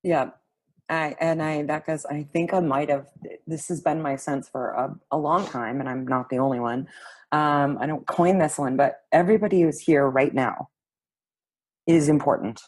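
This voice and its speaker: A woman's voice: sits low, steady tone, moderate pace, a little mellow, husky, no room sound. A woman hosting a podcast, talking earnestly and thinking aloud in casual conversation. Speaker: podcast host.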